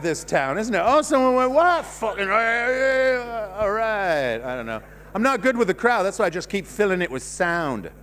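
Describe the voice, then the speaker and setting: A man doing a stand-up comedy set on a cinema stage, rambling and self-deprecating, going from loud bursts down to mumbling. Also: sits high, big-room sound. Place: cinema stage before a live audience.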